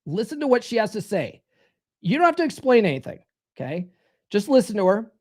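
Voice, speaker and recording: A man's voice: sits high, sing-song, quick pace. A man hosting a podcast as a dating coach, giving advice in a blunt monologue, swearing freely and repeating his key phrases.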